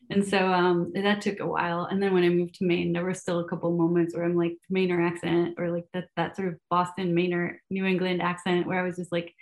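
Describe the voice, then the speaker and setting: A woman's voice: on the low side, fairly even intonation, brisk, a bit bright. Chatty young woman, Spanish speaker. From Venezuela. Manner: chatty, many fillers and restarts, laughs often. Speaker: guest, math educator. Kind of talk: casual podcast interview.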